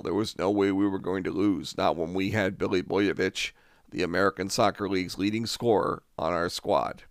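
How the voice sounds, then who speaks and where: A man in his forties recounts a personal story in a deep, low register, frank and now and then wry. His voice carries a gravelly fry. The sound is dry and close, with no room around it. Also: no echo. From Albany, New York. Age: 40s. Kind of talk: first-person true-story narration.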